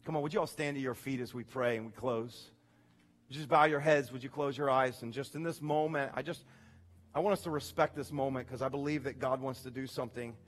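A man preaching a sermon in a church, moving from hushed, quiet storytelling to loud, rising preaching and prayer. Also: medium pitch, fairly even intonation, a little fast. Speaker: pastor. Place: church sanctuary.

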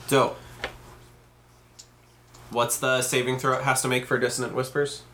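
Bright-voiced man running a tabletop game. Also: medium pitch, flat delivery, unhurried, slight background noise. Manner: hesitant, lots of ums, apologetic asides. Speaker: game master.

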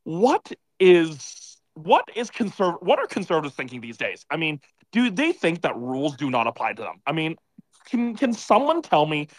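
A man's voice: on the high side, huge pitch swings, moderate pace, no echo. A man calling into a live audio chat from a bar, a bit tipsy from beer, rambling and exasperated with lots of filler words. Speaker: caller.

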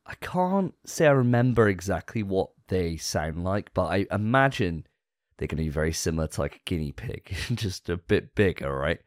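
A man with a fairly low voice that rises and falls a lot as he chats on a gaming podcast. His talk is easygoing and chatty, and the sound is dry and close. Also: sing-song, moderate pace, dry recording. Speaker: podcast co-host. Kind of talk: casual gaming podcast chat.

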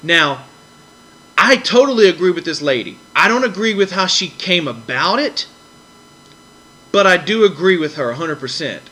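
A man's voice: fairly high pitch, lively intonation, normal speed, pauses often, sharp tone, rough recording. A man hosting a podcast, telling a long story in a rambling, casual way, repeating himself and acting out other people's lines. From American South. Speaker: podcast host.

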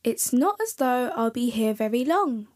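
A woman's voice: a little high, very animated, moderate pace, a little mellow. A woman voicing a grumpy male snowman who moans and complains. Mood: grumbling. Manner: moaning, complaining.

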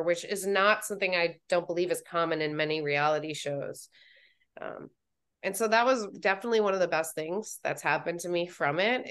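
Woman, podcast guest, casual interview, animated storytelling, acts out quotes, lowish voice. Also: clean tone. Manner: animated storytelling, acting out her own quotes, frequent "like". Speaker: podcast guest, reality show participant.

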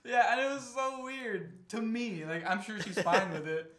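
Young man, casual storytelling, higher voice, roomy echo. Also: normal speed, fairly bright tone, faint music behind. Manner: storytelling, swears, self-interrupting. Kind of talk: casual podcast chat.

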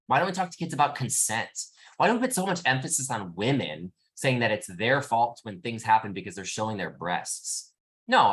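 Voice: medium pitch, fairly bright tone. A podcast guest speaking candidly and passionately, swearing as the argument heats up. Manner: passionate, outspoken, swears when worked up.

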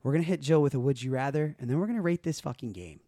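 A woman's voice: rumbling low, rapid-fire. A woman co-hosting a podcast, chatting casually and telling a story with lots of acted-out quotes and casual swearing. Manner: animated storyteller who acts out friends' quoted lines, swears freely. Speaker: podcast co-host. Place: podcast studio.

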